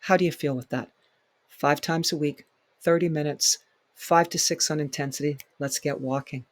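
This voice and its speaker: A man's voice: a little high, normal speed. A man with a slightly raised voice leads a fitness workshop, pressing his points with emphatic repetition. The sound is dry and close, with no room echo. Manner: emphatic, repeats key points, acts out client reactions. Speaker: fitness instructor. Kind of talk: workshop lecture.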